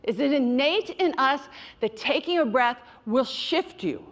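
A woman's voice: sits high, expressive, a little slow. A middle-aged woman giving a direct, emphatic motivational talk on mindfulness to an audience she calls you guys. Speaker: mindfulness speaker.

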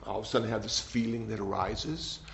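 An older man, a meditation teacher, giving a gentle, rambling dharma talk that often repeats words. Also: lowish voice, fast talker, creaky. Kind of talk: dharma talk with audience questions. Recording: slightly dull sound, faint noise.

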